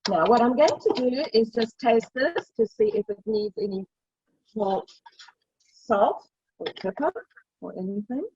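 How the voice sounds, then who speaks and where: A woman's voice: a little high, lively intonation, a little slow, long pauses, darkish tone, slightly rough, no room sound. Chatty middle-aged woman on a lo-fi video call. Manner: chatty, storytelling. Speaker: cooking demonstrator. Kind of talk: casual cooking demo over video call. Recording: dull lo-fi video call audio.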